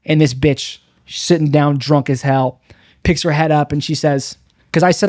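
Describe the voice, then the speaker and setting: A young man with a slightly high voice rambles through a bitter, self-mocking stand-up monologue, stumbling and restarting his sentences. The recording is dry and close, with no room sound. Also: a little fast, dry recording. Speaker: stand-up comedian.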